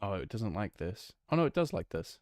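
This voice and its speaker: A man's voice: lowish voice, sing-song, a little fast, darkish tone, dry recording. A young man with a northwest English accent close to Manchester, chatting casually with his stream chat while he plays, rambling and restarting his sentences. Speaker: game streamer.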